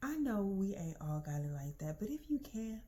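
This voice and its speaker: A young adult woman telling a comic personal story to her listeners in a casual, slangy, animated way. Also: mid-range voice, normal speed. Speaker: storytelling podcast host.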